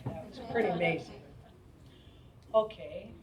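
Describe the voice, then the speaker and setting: A woman's voice: on the low side, unhurried. A woman taking the stage next at an event, joking in a self-deprecating way. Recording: distant mic with crowd noise.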